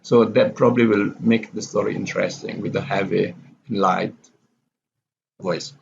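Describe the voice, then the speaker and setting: A male lecturer explaining step by step in a recorded lesson, halting with fillers and self-corrections, a non-native speaker whose first language is Indonesian. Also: on the low side, steady tone, vocal fry, a little hiss or hum. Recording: dull lo-fi recording.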